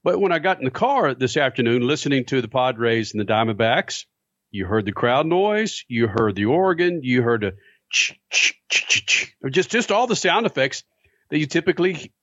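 A man's voice: medium pitch, very animated, brisk, dry recording, muffled recording. A man hosting a sports talk radio show, chatting casually and rambling with restarts.

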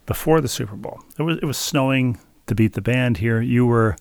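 A man's voice: mid-range voice, fairly quick, gravelly, darkish tone, no echo. A man co-hosting a casual chat show, telling stories in a wry, self-mocking way. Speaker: podcast co-host.

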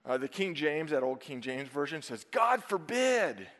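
A man preaching a sermon to his congregation, emphatic and dynamic, swinging from loud stresses down to hushed asides. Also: a little high, big pitch swings, measured pace. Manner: emphatic, dynamic preaching with sudden drops to near-whisper. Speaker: pastor. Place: church sanctuary. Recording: long reverb of a church sanctuary.

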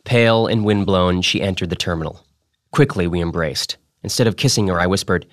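A man hosting a podcast, reading a memoir aloud with dramatic delivery that drops to a hush. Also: sits low, a little fast, no echo, studio quality. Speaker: podcast host.

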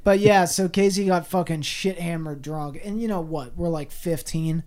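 Animated, profane young man telling a story. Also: on the high side, normal speed. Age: late 20s. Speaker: podcast co-host. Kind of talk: casual chat.

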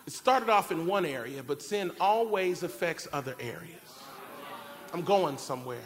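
A man preaching a sermon, telling a family story in an animated way and acting out shouted cries. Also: a little high, moderate pace, a little hiss or hum. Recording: long reverb of a large hall. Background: keyboard music.

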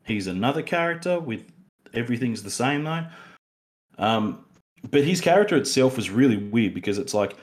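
A man's voice: mid-range voice, animated, moderate pace. A young Australian man co-hosting a casual film review podcast, rambling with many fillers and restarts. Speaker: podcast co-host.

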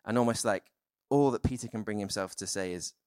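A man preaching a sermon in a relaxed, conversational way, with many fillers and restarts. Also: on the low side, brisk, clear, resonant tone, dry recording, clean studio sound.

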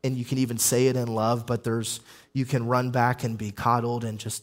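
A man's voice: mid-range voice, flat delivery, normal speed. A young adult man, a pastor, preaching an emphatic sermon with repeated phrases and listed points.

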